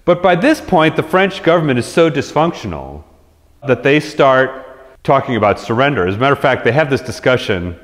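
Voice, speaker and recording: A man giving a conversational history lecture to an audience, animated, acting out quotes in lively voices, with frequent restarts. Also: mid-range voice, moderate pace. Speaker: resident historian giving a talk. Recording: lecture hall reverb.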